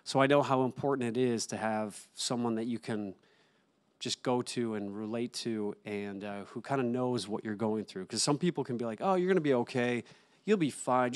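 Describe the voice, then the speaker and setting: A young adult man, a guest on an interview show, telling a personal story in an earnest, halting way with many restarts. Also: mid-range voice, a little mellow. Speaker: interview guest, actor and author.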